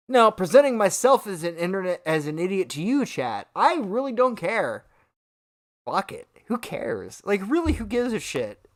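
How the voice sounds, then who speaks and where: A man's voice: sits high, sing-song, normal speed. A man streaming commentary over a clip, mocking and swearing heavily. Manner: sneering, mocking, swears a lot.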